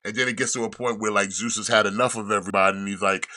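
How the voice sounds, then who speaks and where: A man with a fairly low voice and a bright, forceful edge talks in a loose, casual way. He tells a story in a rambling, profane manner, with frequent restarts. It sounds like a laid-back podcast host chatting. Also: steady tone, very fast, few pauses. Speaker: podcast host reviewing a show. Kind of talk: casual chat.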